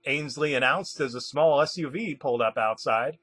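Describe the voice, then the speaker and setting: A man narrating a comedic creepypasta in a deadpan storytelling manner. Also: medium pitch, moderate pace, few pauses.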